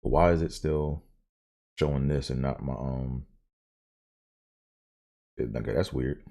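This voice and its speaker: A man's voice: rumbling low, measured pace, gravelly, mellow. A man hosting his own show, telling stories in a casual, profane, joking monologue. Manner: profane, laughing storyteller. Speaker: host.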